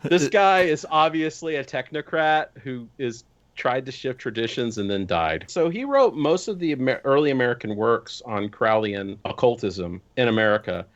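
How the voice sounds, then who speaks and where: A podcast guest man tells wild history in a casual, incredulous chat, swearing freely. His pitch leaps up and down as he talks. The audio is dull and lo-fi. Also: animated, normal speed. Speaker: podcast guest discussing tabletop game lore.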